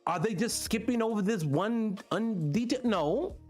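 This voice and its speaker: Animated middle-aged male radio host. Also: normal speed, faint music behind. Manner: animated, rhetorical questions, pitch jumps when excited. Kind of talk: casual monologue to listeners.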